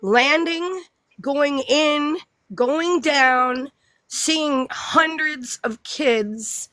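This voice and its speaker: Woman, unhurried rambling talker with a raised pitch, casual group chat, often restarting sentences. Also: fairly bright tone, no room sound. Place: outdoors by her hen coop.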